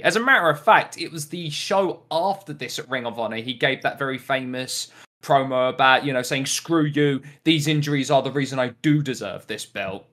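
A man's voice: mid-range voice, fairly bright tone. An English man with an English accent, co-hosting a casual wrestling podcast and laughing often. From England. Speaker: podcast co-host. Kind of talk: casual chat.

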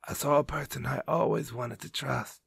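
A man playing a dying gentle swordsman. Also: medium pitch, steady tone, normal speed, no room sound, heavily acted. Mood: tender. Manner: soft, hushed and breathy. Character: dying young male swordsman, gentle and loving.

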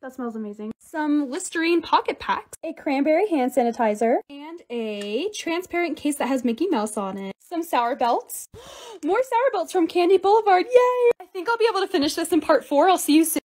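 Bubbly high-voiced woman vlogging. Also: moderate pace. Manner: excitable, gushing. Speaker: lifestyle creator. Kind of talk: casual vlog narration.

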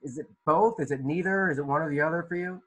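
A man's voice: fairly high pitch, quick pace, a bit bright, poor audio. Man teaching an art class over video call. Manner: conversational, questioning students by name, many restarts. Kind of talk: online class discussion.

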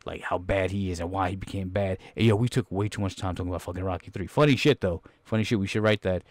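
A man's voice: quick pace, darkish tone, no echo. A man hosting a podcast, riffing and swearing as he reacts to a movie trailer and acts out scenes. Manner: rambling, swearing, acting out characters in high voices. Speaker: podcast host. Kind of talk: profane movie reaction riff.

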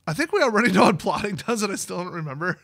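A man casually commenting on card game previews, chatty and excitable, laughing often. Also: sits high, rapid-fire, creaky, no echo, clean studio sound.

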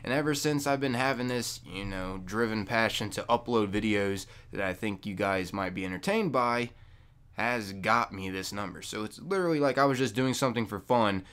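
A young man making a casual gaming vlog into a microphone, loose and jokey, with loud high-pitched bursts when he mocks people. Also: normal speed, smooth. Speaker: gaming YouTuber. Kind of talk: casual talking-to-camera vlog. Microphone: desk microphone.

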